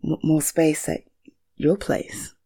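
A young adult woman in an intimate whispered role-play, sighing and giggling softly with a breathy voice. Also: low-pitched, fairly even intonation, slow pace.

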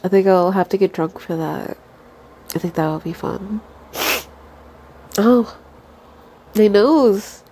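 A woman's voice: mid-range voice, slow pace, long pauses, warm tone, slight background noise. A young woman with a stuffy nose chatting casually to her listeners, giggly and swearing freely.

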